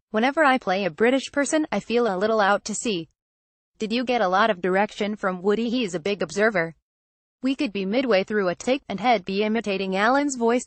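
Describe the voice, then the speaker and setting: A woman reading a printed interview aloud as a narrator, in an even, steady manner. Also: mid-range voice, no room sound. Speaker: article reader.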